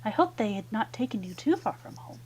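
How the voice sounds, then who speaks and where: A woman voicing a gentle human priestess with formal speech in a fantasy game. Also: a little high, big pitch swings, fairly quick, a little hiss or hum. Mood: kindly.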